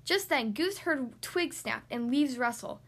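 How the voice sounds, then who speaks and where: Female podcast host, high lively voice, storybook reading for toddlers. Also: a little slow. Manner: bright, animated storytelling. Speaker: podcast host and children's book reader. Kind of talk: reading a picture book aloud.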